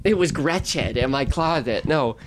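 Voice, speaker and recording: A man's voice: a little high, expressive, moderate pace, background noise. A young man and podcast host chatting casually, laughing often, swearing freely and acting out the voices in his stories. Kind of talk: casual chat.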